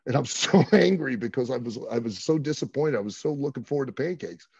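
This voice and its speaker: Husky-voiced man telling a road story. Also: medium pitch, quick pace, no echo, dull audio. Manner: animated, acts out quotes. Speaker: guest. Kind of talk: casual storytelling.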